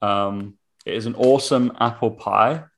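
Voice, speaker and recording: An easygoing young man who laughs readily and chats casually. His voice sits fairly low, and he talks in a relaxed way. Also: a little slow. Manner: easygoing, laughs often, reads out labels. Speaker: co-host. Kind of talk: casual chat.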